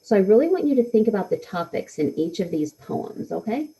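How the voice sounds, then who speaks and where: A woman's voice: mid-range voice, very animated, fairly quick, mellow, rough recording. A woman teaching a live lesson to schoolchildren, encouraging them and answering their comments with frequent ums. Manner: encouraging, answers students' comments with many fillers. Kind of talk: live read-aloud lesson to a class.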